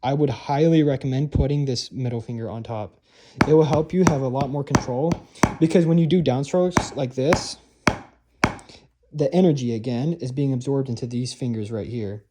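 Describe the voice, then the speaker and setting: A man's voice: medium pitch, moderate pace. A young man casually explaining how to hold a marching drum stick, talking loosely with lots of fillers and restarts. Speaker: drumline instructor. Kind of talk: casual instructional talk. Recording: noisy room recording.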